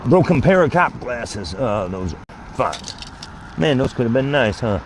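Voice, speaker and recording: A man's voice: mid-range voice, big pitch swings, measured pace, a little hiss or hum. A man vlogging outdoors by a street, telling a long grievance story in a rambling, cursing way. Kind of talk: casual talk while walking outdoors. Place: outdoors by a street with passing vehicles.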